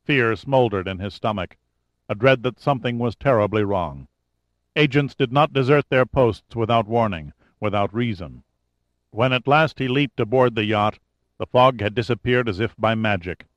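A man narrating a thriller audiobook in a measured, even manner. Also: mid-range voice, no echo. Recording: dull, dry studio recording.

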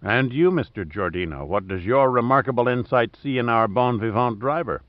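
A man voicing a calm, dryly witty male adventurer who speaks in a measured, understated way, in an audiobook reading. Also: medium pitch, dry recording, close to an everyday voice. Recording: dry, slightly dull audio.

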